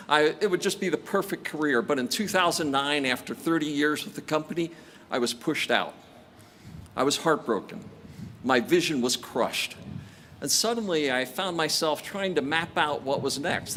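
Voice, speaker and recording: A man in his sixties addresses graduates at an outdoor commencement, his voice sitting a little high. He tells career stories with a dry, self-deprecating humor. A faint hiss of ambience hangs under the speech. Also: fairly bright tone. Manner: storytelling with self-deprecating jokes. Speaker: commencement speaker. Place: outdoor stadium ceremony.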